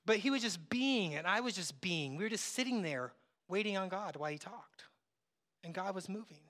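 A man pastor preaching a conversational sermon, acting out bits of dialogue and dropping from loud to hushed. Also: sits high, animated, moderate pace. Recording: long hall reverb.

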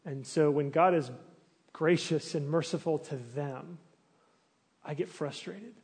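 A man preaching a sermon in a relaxed, conversational way. He asks the listeners searching questions, restarts his phrases now and then, and his voice sits a little high for a man. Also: slow pace, slightly rough. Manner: restarts and fillers, animated when acting out complaints. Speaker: pastor.

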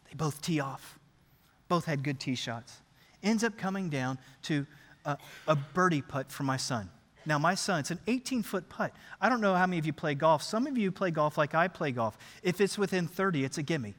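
A middle-aged man preaching a sermon, telling a story in an animated, conversational way. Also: a little high, moderate pace. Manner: animated, conversational, acts out scenes. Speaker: pastor. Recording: long reverb of a large hall.

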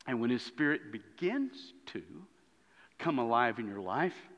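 A man preaching a sermon as a pastor, telling a story with lively swings between loud and hushed moments. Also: mid-range voice, unhurried. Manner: animated storytelling, dropping to hushed tones. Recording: dull lo-fi sound in a reverberant hall.

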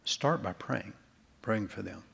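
A male pastor delivering an earnest sermon in a church, closing in soft prayer. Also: on the low side, slow pace, vocal fry, breathy edge.

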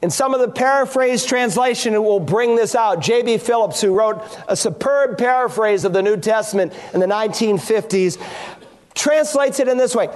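High-voiced man preaching. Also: moderate pace, darkish tone. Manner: emphatic, explanatory, rhetorical questions. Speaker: pastor. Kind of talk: expository sermon.

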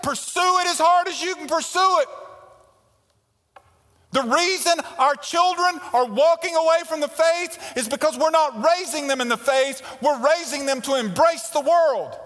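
A man preaching a sermon, swinging between forceful emphasis and hushed, intimate lines. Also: very high-pitched. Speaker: pastor. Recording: reverberant hall.

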